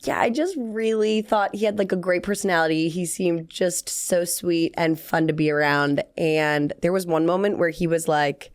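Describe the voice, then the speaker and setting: A woman in her twenties co-hosting a sports podcast, chatty and laughing, with a slightly hoarse voice. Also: on the low side, steady tone, normal speed, few pauses. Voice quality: slightly hoarse, throat-clearing. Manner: chatty, laughing, rambling asides. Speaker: podcast co-host. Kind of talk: casual chat.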